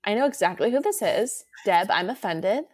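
A young woman co-hosting a podcast in casual chat, expressive and self-mocking. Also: medium pitch, normal speed, husky. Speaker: podcast co-host.

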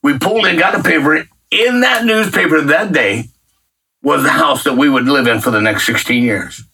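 A middle-aged man telling a faith testimony in a folksy, colloquial, animated way. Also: fairly high pitch, moderate pace, gravelly, husky. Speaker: guest sharing a faith testimony. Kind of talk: casual storytelling testimony. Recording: distant mic.

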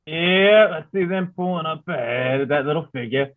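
A man's voice: a little high, moderate pace. A man playing a tabletop game, talking plainly and easygoing. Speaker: player. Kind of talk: casual tabletop game chat. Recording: tinny phone-like line.

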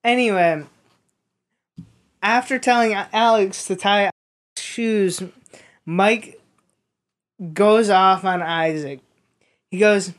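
A woman's voice: mid-range voice, slow, long pauses. A woman casually telling a funny story on a podcast, swearing and laughing along the way.

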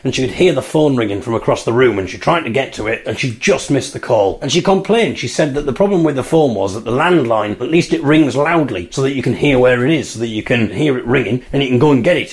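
A man's voice: mid-range voice, lively intonation, fast, few pauses. A man in his early thirties hosting a solo podcast, telling amused, chatty anecdotes. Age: 30s. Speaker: podcast host. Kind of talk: solo casual monologue. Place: bathroom at home.

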